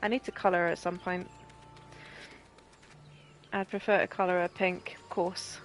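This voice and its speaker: A woman's voice: fairly low pitch, little pitch movement, measured pace, faint music behind. A Northern English woman giving casual, self-amused commentary while playing a game. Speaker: gaming streamer.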